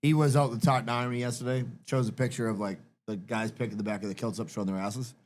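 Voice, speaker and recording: A man's voice: mid-range voice, fairly even intonation, fast. A man hosting a podcast in casual chat, telling stories with plenty of swearing and "like, uh" fillers. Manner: profane, storytelling, fills with "like, uh".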